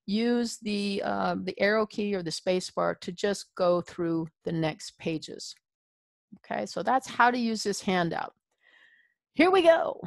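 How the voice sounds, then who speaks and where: A woman's voice: mid-range voice, dry recording. A woman leading an adult education training session, chatty and informal, checking in with "okay?" as she goes. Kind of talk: instructional webinar presentation.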